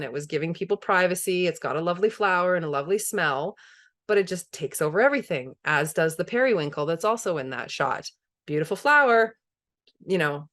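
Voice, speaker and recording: A woman with a somewhat low voice leads a webinar over a video call. She talks in an easy, conversational way and laughs often. She stays enthusiastic as she moves through her slides. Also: fairly bright tone. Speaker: permaculture presenter. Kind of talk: webinar presentation.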